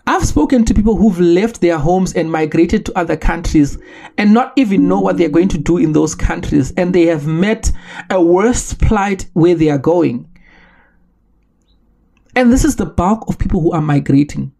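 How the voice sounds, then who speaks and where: Earnest man, gravelly voice. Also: high voice, dark tone. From Zimbabwe. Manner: earnest, measured, with frequent restarts and rhetorical questions. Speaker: podcast host. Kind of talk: solo podcast commentary.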